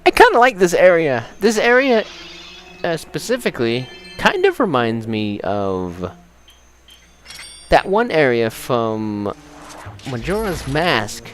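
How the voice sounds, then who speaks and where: Lively, chatty young man playing a game. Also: on the high side, slow pace, pauses often, faint music behind. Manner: excitable, chatty, rambling with restarts. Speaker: let's play host. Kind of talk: casual gameplay commentary.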